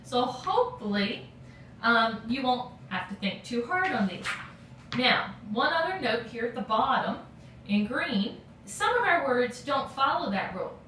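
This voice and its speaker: A woman teacher giving a recorded grammar lesson, patient and steady, checking in with frequent okays. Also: fairly high pitch, measured pace, slight background noise. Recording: echoey room, voice from a distance.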